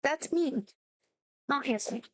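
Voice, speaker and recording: A woman's voice: high-pitched, unhurried, fairly bright tone, dry recording. A woman co-hosting a casual chat, adding brief, wry comments. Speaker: podcast co-host.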